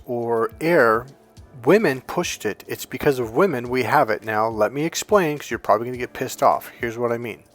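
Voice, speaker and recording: A dating coach speaks off the cuff to the camera, rambling and swearing while acting out grunts and crying babies. His voice is medium in pitch.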